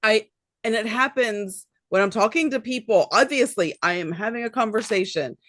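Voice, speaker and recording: A woman's voice: a little high, moderate pace, a bit bright, no echo, clean studio sound. A woman co-hosting a podcast in casual chat, laughing often and sometimes trailing off mid-thought. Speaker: podcast co-host.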